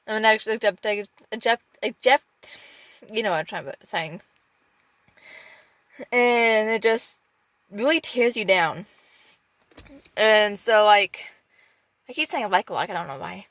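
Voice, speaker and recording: A woman talking candidly and emotionally in a personal vlog from inside her parked car, halting and rambling as she speaks. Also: mid-range voice, fairly bright tone, dry recording, low-quality recording. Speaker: off-grid dog musher vlogger.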